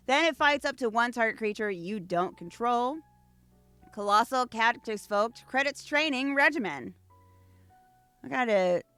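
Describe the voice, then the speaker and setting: Higher-pitched, smooth-voiced woman unboxing cards. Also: fairly bright tone, no room sound. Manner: reads card text aloud between gushing asides. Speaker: VTuber host. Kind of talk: casual unboxing chat.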